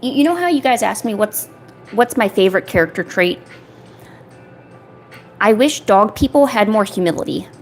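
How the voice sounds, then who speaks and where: A woman's voice: mid-range voice, expressive, normal speed, long pauses, faint music behind. A woman art streamer chatting casually while she works on a paper craft, rambling along and filling her talk with "you know" and "like".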